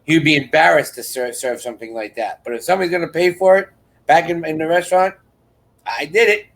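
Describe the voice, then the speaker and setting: A man's voice: on the high side, a little fast, vocal fry, a bit bright, low-quality recording. A man hosting a live chat, telling a rambling story and acting out other people's lines. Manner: rambling and repetitive, restarts sentences; acts out others' lines in quoted voices.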